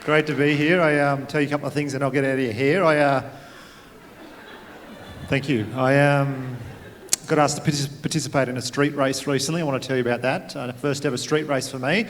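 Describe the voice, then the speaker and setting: A man with an Australian accent doing a stand-up comedy set on stage, telling stories with deadpan asides. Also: mid-range voice, fairly quick, slight background noise. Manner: laid-back storytelling with deadpan asides. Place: theatre stage at a comedy gala. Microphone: stage microphone. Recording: live hall with long reverb. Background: audience laughter.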